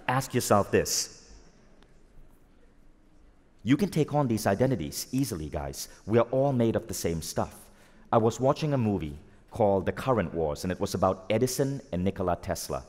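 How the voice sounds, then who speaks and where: A man giving a live motivational talk to an audience, energetic and asking the crowd questions. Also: on the low side, moderate pace. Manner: energetic, asks the audience questions, acts out quoted voices. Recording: long hall reverb.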